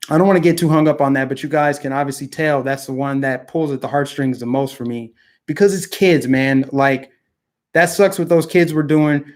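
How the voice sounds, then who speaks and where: A young man hosting a political commentary show, delivering a heated, indignant opinion monologue and mocking the people he criticizes. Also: on the high side.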